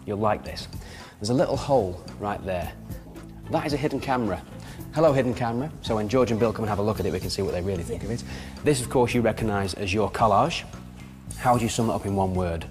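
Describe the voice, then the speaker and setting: An upbeat, jokey male presenter who talks quickly, with a fairly low voice. Music plays over his speech. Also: in a large hall. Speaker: TV prank show presenter. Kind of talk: energetic on-location presenting.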